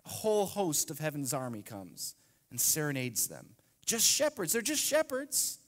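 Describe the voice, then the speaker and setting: A man in his thirties preaching a sermon in an animated, emphatic way with playful asides. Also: on the high side, normal speed. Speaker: pastor. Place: church sanctuary. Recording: long reverb of a large church hall.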